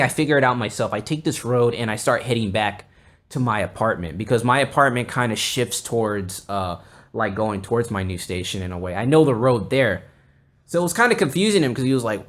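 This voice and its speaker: A young man hosting a podcast, telling a rambling story casually, swearing often and getting animated. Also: fairly low pitch. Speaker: podcast host.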